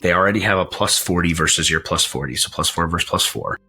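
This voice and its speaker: A man's voice: low voice, fast, pushed and bright, faint music behind. A man narrating as game master of a tabletop role-playing session, describing scenes at length with frequent restarts.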